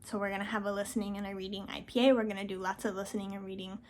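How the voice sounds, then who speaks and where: A woman's voice: medium pitch, flat delivery, racing, darkish tone, slight background noise. A woman French teacher going over the week's assignments in a casual recorded announcement, with frequent ums and firm reminders.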